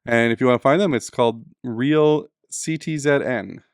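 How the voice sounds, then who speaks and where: Casting: Canadian co-host, teasing and plain-spoken, mid-pitched, close dry mic. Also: male voice, moderate pace, clear, resonant tone, no echo. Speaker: podcast co-host. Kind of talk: casual chat. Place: home basement.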